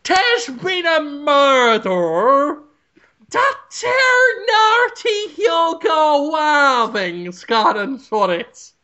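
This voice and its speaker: An overexcited police chief with a thick put-on Irish brogue, his voice shooting high and shrill, as a man puts him on. He stretches his words slowly and shouts from a little off-mic. The podcast audio sounds slightly dull. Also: lively intonation, heavily acted. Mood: excited.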